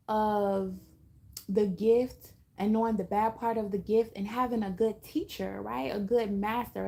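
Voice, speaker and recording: Gravelly chatty woman, kinda high voice, laughs a lot while she talks. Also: darkish tone. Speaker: astrology reader. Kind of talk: casual spiritual talk to viewers.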